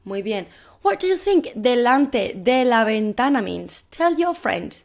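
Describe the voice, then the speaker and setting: Woman, primary language teacher; encouraging, repeats phrases slowly for pupils to echo. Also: fairly high pitch, sing-song, gravelly. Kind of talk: recorded classroom video lesson.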